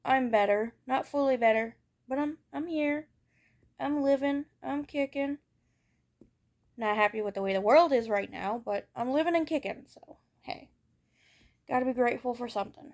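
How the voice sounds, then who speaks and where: A young woman with a fairly high voice gives a candid, ranting personal vlog monologue. She is blunt and swears freely, and keeps turning the same thoughts over and over. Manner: raw, blunt and swearing, circling back over her thoughts. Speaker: vlogger.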